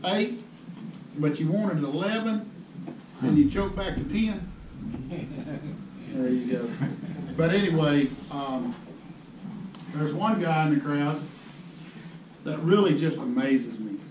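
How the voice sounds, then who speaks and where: Man, folksy rambling storyteller, slightly high voice, distant mic, noisy roomy hall. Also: takes it slowly, long pauses. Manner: folksy, rambling, laughs often. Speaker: fishing pro giving a seminar. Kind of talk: casual storytelling to a crowd. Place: indoor tackle show hall. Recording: echoey hall, distant mic, crowd noise.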